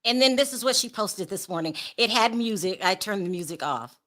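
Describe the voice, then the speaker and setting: A woman's voice: mid-range voice, animated, brisk, a bit bright. A woman hosting a celebrity gossip livestream, giving blunt opinions, laughing often and talking to her chat. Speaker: host.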